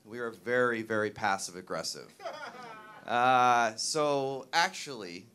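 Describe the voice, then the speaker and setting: A man from Canada performing a stand-up comedy set in a self-deprecating way, halting with fillers and restarts. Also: mid-range voice, bright, forceful tone. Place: comedy stage before a live audience.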